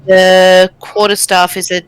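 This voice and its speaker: A woman's voice: on the low side, flat delivery, takes it slowly, clean tone, dry recording, faint music behind, rough recording. A woman playing a tabletop game, thinking aloud with ums and explaining rules to the table. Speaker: player.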